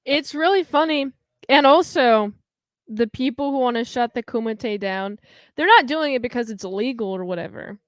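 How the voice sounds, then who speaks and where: A woman co-hosting a podcast, chatting casually about a movie and acting out scenes in quick quoted voices. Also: a little high, lively intonation, no echo, clean studio sound. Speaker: podcast co-host.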